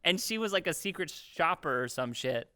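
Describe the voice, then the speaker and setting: A young man and podcast co-host telling a story in casual chat, animated and swearing freely as he acts out what others said. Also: a little high, normal speed, no echo.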